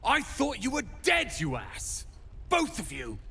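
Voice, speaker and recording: An actor playing a bitter, drunk young man who shouts at his family and then apologizes in a game. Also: very high-pitched, wildly swooping pitch, a little slow, gravelly, slightly rough, full character voice. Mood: angry.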